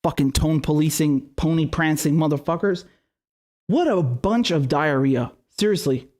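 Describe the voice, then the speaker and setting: A man's voice: on the high side, moderate pace, darkish tone. A man giving an angry political rant as a commentator, swearing heavily and stumbling over his words in a room with a globe behind him.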